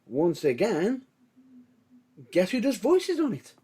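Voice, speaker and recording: Enthusiastic man, fairly high voice. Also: huge pitch swings, slow pace, warm tone, slightly rough. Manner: enthusiastic, rambling with many restarts. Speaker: podcast co-host. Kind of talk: casual chat.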